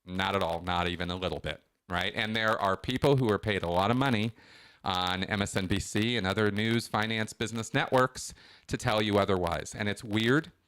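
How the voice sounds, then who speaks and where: A middle-aged man hosting a call-in show, talking in a casual, animated, emphatic monologue with frequent restarts. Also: lowish voice, normal speed, clear, resonant tone.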